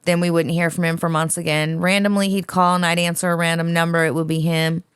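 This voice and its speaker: Woman, podcast co-host, lowish voice, reads a story aloud, blunt, profane, dry room. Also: level tone, fast, clear, resonant tone, no room sound. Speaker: podcast co-host reading a listener letter. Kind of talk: casual podcast chat, reading aloud.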